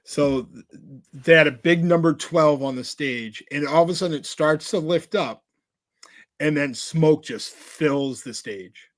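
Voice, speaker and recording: A man's voice: a little high, a little slow, dry recording. Rambling, filler-heavy podcast co-host man. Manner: rambling storyteller, many filler "like"s and restarts. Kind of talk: casual chat.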